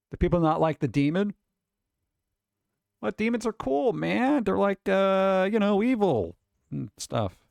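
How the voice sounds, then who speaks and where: A man streaming live from home who talks casually and rambles from one thought to the next. His pitch is a bit high for a man, and it swoops widely as he riffs. The sound is dry and close, with no room echo. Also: vocal fry. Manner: rambling, offhand, reads list items aloud and riffs on them.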